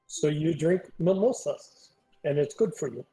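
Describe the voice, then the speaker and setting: A man's voice: on the high side, unhurried, mellow, husky, soft background music, poor audio. Easygoing man on voice chat. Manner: easygoing, coaxing. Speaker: friend on voice chat. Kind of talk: casual gaming chat.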